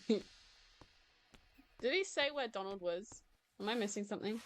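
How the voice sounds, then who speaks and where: A woman's voice: medium pitch, expressive, unhurried. A woman chatting casually as she streams a video game, often confused and laughing. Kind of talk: casual let's-play commentary.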